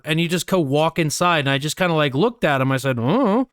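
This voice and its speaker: A man co-hosting a podcast. He recounts a night out in a relaxed, casual way, swears freely and jumps higher when he acts out quotes. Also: brisk, hardly any pauses, no echo, clean studio sound. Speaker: podcast co-host. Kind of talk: casual storytelling chat.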